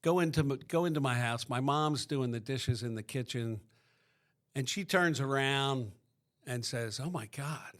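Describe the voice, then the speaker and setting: A man's voice: mid-range voice, a little slow. A middle-aged man from Pennsylvania, a podcast guest, tells his recovery story in a rambling way, full of restarts.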